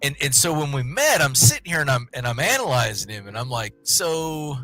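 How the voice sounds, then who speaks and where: Bright-voiced rambling guy. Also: medium pitch, big pitch swings, fast, soft background music. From West Texas. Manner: rambling storyteller, many restarts. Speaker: podcast co-host. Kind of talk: casual chat.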